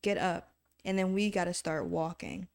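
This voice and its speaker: A woman's voice: fairly low pitch, big pitch swings, normal speed. A woman on a casual faith podcast, giving firm and encouraging advice with emphatic delivery.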